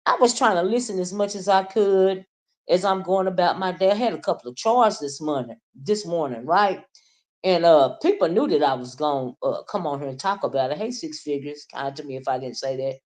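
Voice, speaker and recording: A woman's voice: on the low side, darkish tone. Chatty woman on a livestream. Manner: chatty, greets viewers by name, drawn-out asides. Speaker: livestream commentator. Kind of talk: casual live-chat commentary.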